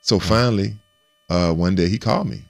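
A man in a casual interview, an animated storyteller who stumbles over and repeats words as he recounts his past. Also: deep voice, a little fast, vocal fry, no room sound. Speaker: guest recounting his playing career.

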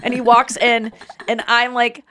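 A woman podcast host and comedian telling a casual story in an animated, giggly way, full of fillers. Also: a little high, measured pace, slight background noise.

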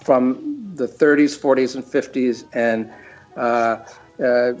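A man's voice: mid-range voice, animated, slow pace, darkish tone. A man talking casually as an interview guest, often restarting his sentences. The audio is a bit dull, with faint music behind. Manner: rambling, many restarts. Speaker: guest, cartoon creator.

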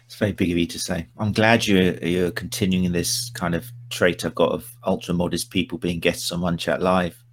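A man's voice: low voice, flat delivery, moderate pace, hardly any pauses, a little hiss or hum. A man hosting a casual live-stream chat, teasing and rambling with his guest. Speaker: podcast host.

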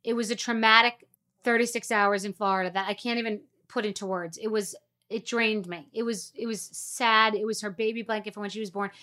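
A middle-aged woman holds forth in a casual monologue, blunt and peppered with swearing. Her voice is bright and forceful, with emphatic punches on key words. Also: mid-range voice, fairly even intonation, a little fast. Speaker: podcast host.

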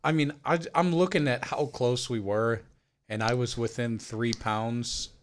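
A young man co-hosting a podcast, quick with teasing jokes and puns in casual talk. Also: medium pitch. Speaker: podcast co-host.

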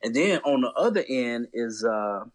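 A man's voice: medium pitch, sing-song. A man chatting easily as a guest on a sports podcast. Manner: easygoing, drawn-out, ends lines with "man". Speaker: guest fan. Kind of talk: casual sports podcast chat.

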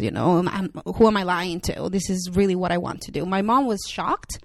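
A woman's voice: fairly low pitch, a little fast, no echo, clean studio sound. A young woman with a Spanish accent, chatting candidly as an interview guest with lots of filler words. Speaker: actress and writer guest. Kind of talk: casual interview talk.

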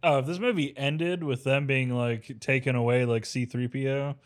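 A man's voice: mid-range voice, fairly even intonation, moderate pace. Dry, wry man chatting about films. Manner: dry, wry, laughing along. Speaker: podcast co-host. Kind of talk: casual movie review chat.

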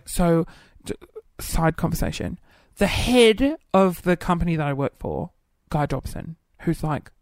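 A young man hosting a podcast in casual solo chat, camp and flamboyant, running off into quick asides. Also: fairly high pitch, dry recording, studio quality. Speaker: podcast host.

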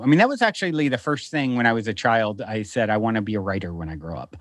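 A man who is a podcast guest, telling a story in a casual, animated, rambling way with many restarts. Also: medium pitch, dry recording, clean studio sound. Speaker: podcast guest who hosts his own show. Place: lives in a beach town.

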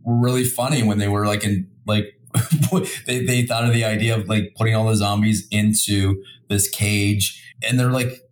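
A man chatting casually about a film, halting and full of restarts, laughing now and then. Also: on the low side, steady tone, reverberant, slight background noise. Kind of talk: casual film-review chat.

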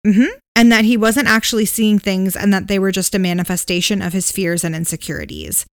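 A woman's voice: mid-range voice, a little fast, dry recording. Dry-voiced woman telling a spooky story. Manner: relaxed retelling with fillers and hedges. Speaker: podcast co-host.

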